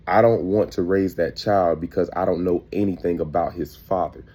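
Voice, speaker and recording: A man's voice: sits low, warm tone, slightly rough. A man earnestly recounting prophetic dreams as spoken testimony, often repeating himself and quoting the people in his dreams. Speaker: preacher sharing dreams.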